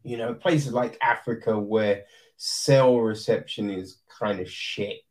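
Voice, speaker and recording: A man's voice: fairly low pitch, slow pace, a little mellow. A man ranting in casual commentary, exasperated, swearing and tossing in rhetorical asides.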